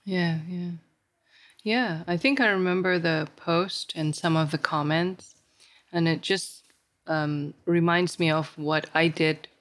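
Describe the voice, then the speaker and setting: A woman with a fairly low voice speaks slowly in a casual podcast conversation, telling stories and livening up whenever she quotes other people.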